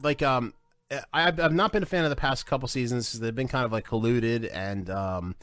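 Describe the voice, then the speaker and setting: A man hosts a loose, unscripted podcast chat, wandering through his thoughts with plenty of fillers. He swears when frustrated. His voice sits at an ordinary pitch and sounds dry and close to the mic. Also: normal speed, fairly bright tone, no echo. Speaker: podcast host. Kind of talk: casual chat.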